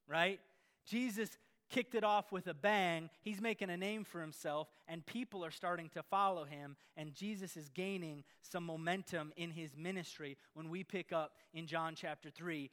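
A man preaching a sermon in an energetic, playful way, with sarcastic asides. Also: a little high.

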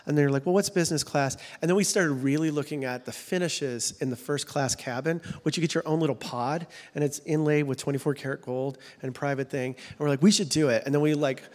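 Joking pastor in a reverberant hall. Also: male voice, a little high, steady tone, fairly quick, few pauses, darkish tone. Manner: conversational, self-deprecating humor. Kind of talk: sermon.

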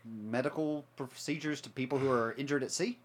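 A man co-hosting a podcast, chiming in with quick wisecracks and questions. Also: mid-range voice. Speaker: podcast co-host. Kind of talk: casual chat.

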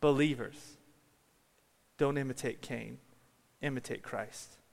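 A man delivers a sermon in a church, mid-pitched and unhurried. He tells stories and rises to loud peaks, and the long reverb of a large hall trails after each phrase. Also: fairly even intonation, vocal fry. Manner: storytelling, builds to shouted climaxes. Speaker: preacher.

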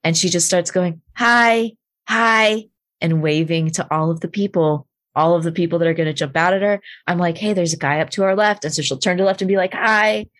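A woman with a low voice recounts a story in loose, animated chat, sprinkling in swearing and fillers. The recording is dry and close. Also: fast, hardly any pauses, no echo. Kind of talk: casual storytelling.

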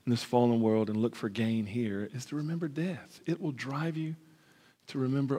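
A man preaching a sermon as pastor, animated, acting out the voices of the story and stumbling over his words when he gets excited. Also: medium pitch, moderate pace. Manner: animated, acts out dialogue, stammers when excited. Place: church sanctuary. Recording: husky voice in a reverberant hall.

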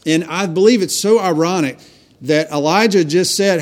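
A pastor preaching in earnest, his voice sitting a little high for a man. He tells his story with frequent restarts, circling back over his words as he goes. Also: lively intonation, moderate pace. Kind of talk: sermon.

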